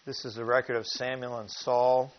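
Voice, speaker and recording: A man preaching a sermon who teaches from scripture, asks the listeners questions and reads verses slowly with emphasis. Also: medium pitch, little pitch movement, very noisy. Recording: dull lo-fi recording.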